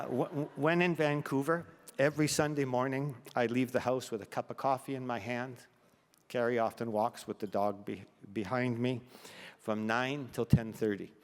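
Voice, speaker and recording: Older man, halting speech, hall reverb. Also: medium pitch. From Canada. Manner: self-deprecating humor, halting restarts, fighting back tears. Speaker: award recipient giving acceptance speech. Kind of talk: emotional acceptance speech. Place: large banquet hall. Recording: long reverb of a large hall.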